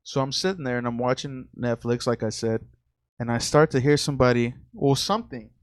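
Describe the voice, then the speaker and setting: A man's voice: mid-range voice, fairly quick, clear, resonant tone, no room sound. A young man co-hosting a podcast in casual chat, easygoing and swearing freely. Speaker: podcast co-host.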